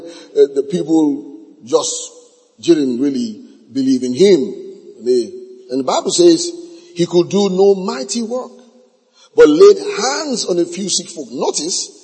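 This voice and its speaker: Male preacher, husky tone, dramatic swings in pitch, sermon heard in a reverberant church hall. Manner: emphatic, repeats key phrases, stretches words slowly. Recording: long reverb of a large hall.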